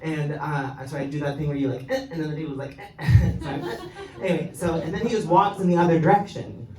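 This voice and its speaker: A man's voice: a little high, fairly even intonation, fast talker, mellow. A young man doing a stand-up set, rambling with fillers and chuckling at his own jokes. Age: young adult. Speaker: stand-up comedian. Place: comedy club stage. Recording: roomy live-show sound, mic off at a distance. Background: audience laughing.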